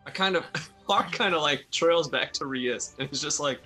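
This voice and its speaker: A man's voice: on the high side, moderate pace, pushed and bright, soft background music, poor audio. A man playing a tabletop game, describing his character's actions hesitantly with fillers. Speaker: player. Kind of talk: tabletop game narration, casual.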